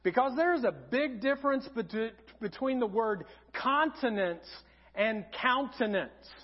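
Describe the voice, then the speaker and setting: A man preaching a sermon as pastor, telling humorous stories in an animated way in a church auditorium. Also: extremely high pitch, moderate pace. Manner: humorous storytelling, animated and lively. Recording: dull sound in a reverberant auditorium.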